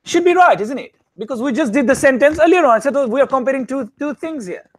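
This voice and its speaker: A man teaching a classroom grammar lesson, often stopping to ask the students whether it is clear. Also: extremely high pitch, lively intonation, quick pace, slight background noise. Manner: keeps checking understanding with questions.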